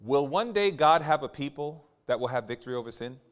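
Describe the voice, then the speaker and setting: A man preaching a sermon, questioning the congregation, reading scripture slowly and forcefully, and swinging between quiet asides and loud climaxes. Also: medium pitch, expressive. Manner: questions the congregation and waits for replies.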